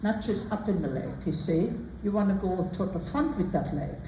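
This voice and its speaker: A woman coaching a rider in an arena, calling out short, brisk commands and counting strides. Her voice is mellow and rises and falls a lot. It sounds roomy and far from the mic, with faint ambience behind her. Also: medium pitch, expressive, a little hiss or hum. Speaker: riding instructor. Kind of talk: live coaching during a riding lesson. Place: riding arena.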